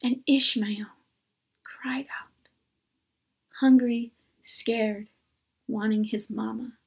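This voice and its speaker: A woman delivers a sermon at a church service in a high, breathy voice. She takes her time, speaking conversationally and earnestly. Now and then she slips in a playful aside. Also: steady tone, extremely slow. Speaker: preacher.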